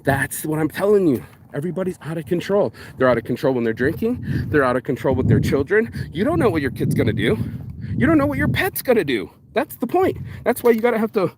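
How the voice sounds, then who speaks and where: A man's voice: on the high side, big pitch swings, fast, noisy background. A man vlogging outdoors in a park, ranting bluntly and profanely in a casual monologue.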